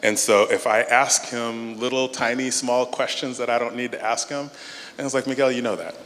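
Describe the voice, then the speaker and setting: A man speaking at a church conference, answering audience questions in a measured, emphatic way. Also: medium pitch, level tone, a bit bright, slight background noise. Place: large hall. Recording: hall with long reverb.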